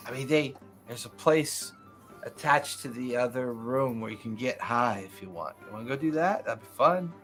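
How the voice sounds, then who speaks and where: A man's voice: medium pitch, moderate pace, fairly bright tone, close to an everyday voice. A man voicing a drunk male tabaxi cat-folk carouser, slurring and insistent, with faint music behind. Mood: friendly, tipsy.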